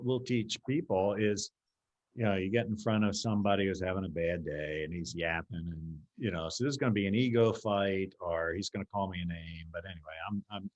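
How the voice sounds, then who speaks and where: A man, a martial arts teacher, chatting as a guest on a video call and acting out little scenes as he talks. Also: low voice. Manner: animated storytelling, acting out scenes. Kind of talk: casual video-call chat.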